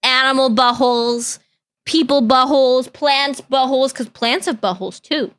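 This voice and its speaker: A young woman talks casually to her live-stream chat while reacting to videos. Her voice sits high and sounds bright. She jokes in a deadpan way that can come across as serious. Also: moderate pace, clear, resonant tone. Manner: joking, deadpan, chatty with chat.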